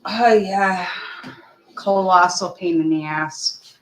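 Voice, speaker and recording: A woman's voice: fairly low pitch, takes it slowly, echoey room, slight background noise, poor audio. A woman chatting casually on a livestream at home, talking through earbuds, laughing and scolding a playful puppy. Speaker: livestream co-host.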